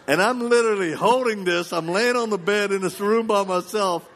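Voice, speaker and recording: Animated laughing male preacher. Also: high voice, moderate pace, hardly any pauses, crowd noise. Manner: animated, laughing storyteller who acts out quoted voices. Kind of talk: storytelling sermon. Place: live church service.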